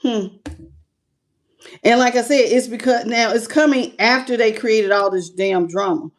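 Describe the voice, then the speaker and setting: Tarot reader, woman, slightly high pitch, loose and chatty, calls viewers "baby". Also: measured pace. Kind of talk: casual livestream tarot reading.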